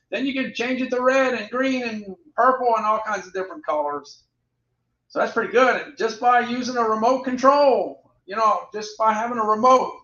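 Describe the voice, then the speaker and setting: Here a man chats his way through an informal product stream, often saying things twice while listing prices and ratings. High, bright, and forceful, his voice is captured in a roomy, dull recording with a lo-fi edge.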